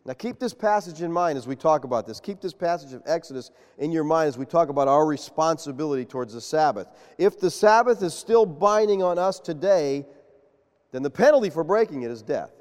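A man preaching a sermon, animated and quizzing his congregation with questions. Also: a little high, a little fast. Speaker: pastor. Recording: long reverb of a large hall.

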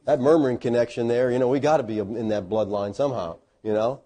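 A middle-aged man preaching a sermon, telling stories with folksy asides and self-deprecating humor. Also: fast talker. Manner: animated storytelling with sudden loud, high bursts.

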